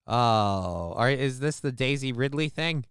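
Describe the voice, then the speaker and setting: Chatting casually with his live chat, a male livestream host rambles, jokes, and swears freely. His mid-range voice is expressive, clear, and resonant with a fairly bright tone, delivered at a measured pace in a dry, studio-quality recording.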